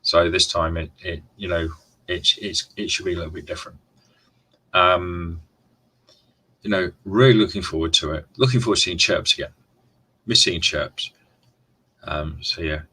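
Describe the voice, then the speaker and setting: A low-voiced man hosts a casual live stream, chatting loosely to his viewers. His voice is husky yet bright and forceful, and his talk rambles with frequent restarts. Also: moderate pace, long pauses, rough recording. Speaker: livestream host.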